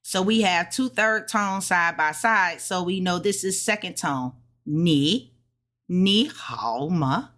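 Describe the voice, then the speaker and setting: A woman casually explaining her study notes, sounding out words slowly and correcting herself. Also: medium pitch, pushed and bright. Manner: thinks aloud, self-correcting, sounds out tones slowly. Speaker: language learner sharing study notes. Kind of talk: casual study vlog lesson.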